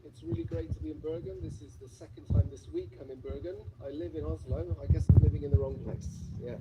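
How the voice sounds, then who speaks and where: Man with a British accent, public speaker, playful and audience-teasing; slightly high voice, noisy playback. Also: fast talker. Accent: British English. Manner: chatty, playful, asks the audience questions. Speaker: conference speaker.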